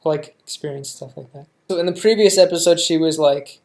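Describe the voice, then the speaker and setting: A young American man reacting to a show, thinking out loud in a rambling way, full of fillers and restarts. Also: fairly high pitch, a little fast. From United States. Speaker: reaction video host. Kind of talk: casual reaction commentary.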